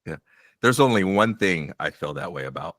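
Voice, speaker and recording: A man's voice: low voice, very animated, moderate pace, fairly bright tone, dry recording, studio quality. A man co-hosting a casual podcast chat, laid-back and wry, laughing at himself. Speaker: podcast co-host.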